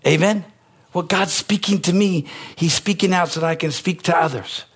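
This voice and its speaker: A pastor preaching a sermon, emphatic, rising to near-shouted peaks on key lines. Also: male voice, a little high, normal speed, breathy edge.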